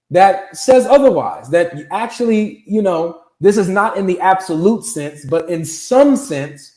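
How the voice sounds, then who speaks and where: A man's voice: on the high side, a little mellow. A man in a debate pressing his point with precise, pointed questions. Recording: roomy echo.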